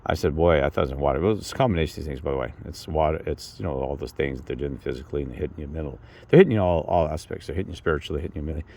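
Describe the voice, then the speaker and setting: A man's voice: rumbling low, racing, gravelly, few pauses, a little mellow, slight background noise. A man talking in a rambling, emotional monologue, often repeating himself and raising his voice to quote people. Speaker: vlogger.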